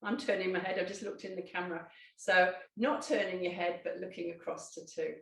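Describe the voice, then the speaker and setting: A woman, a Pilates instructor gently guiding a seated exercise, with calm instructions and small self-corrections. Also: on the low side, brisk, creaky, distant mic. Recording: echoey room, voice off-mic.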